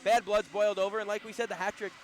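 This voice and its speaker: A male color commentator talks in a high voice at a rapid clip, excitable and laughing as he trades banter. He works from an arena booth with a faint wash of noise behind him. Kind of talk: hockey broadcast commentary.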